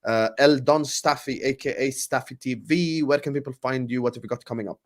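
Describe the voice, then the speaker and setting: A man hosting a casual football podcast, relaxed and chatty, dropping in Arabic phrases. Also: medium pitch, fairly quick. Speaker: podcast host.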